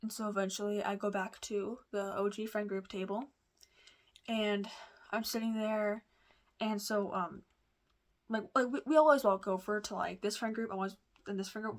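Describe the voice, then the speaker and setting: A woman's voice: medium pitch, steady tone, a little fast. Rambling chatty woman vlogger. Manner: rambling, lots of fillers and restarts; chatty, confiding. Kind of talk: casual storytelling.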